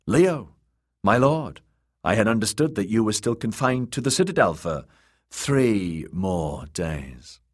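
A man's voice: lowish voice, big pitch swings, slow pace, dry recording, clean studio sound, heavily acted. A man voicing a stiff young scholar who speaks firmly and corrects others. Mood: stern. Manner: firm, lecturing, anxious. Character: stern, fussy young male scholar.

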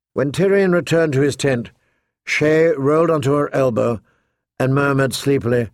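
A man narrating a fantasy novel in steady scripted narration. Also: mid-range voice, moderate pace, dry recording, clean studio sound. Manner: steady storytelling. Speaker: audiobook narrator.

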